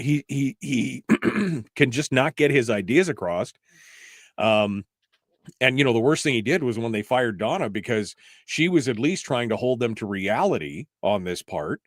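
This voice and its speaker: A man's voice: on the low side, dry recording, studio quality. A man hosting a political talk radio show, exasperated and emphatic, firing off rhetorical questions.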